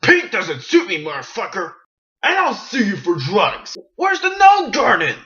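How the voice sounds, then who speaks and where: A man impersonating a foul-mouthed, unhinged male criminal from a video game, yelling and cursing in a dull, lo-fi recording. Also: sits high, wildly swooping pitch, pitched above the performer's own voice, full character voice. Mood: raging. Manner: shouting, cursing, drawn-out words.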